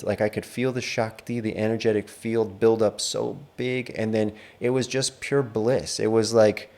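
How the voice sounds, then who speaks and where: A man who teaches the internal arts gives a casual spoken lecture, relaxed and rambling with many fillers as he tells a story. His voice sits on the low side.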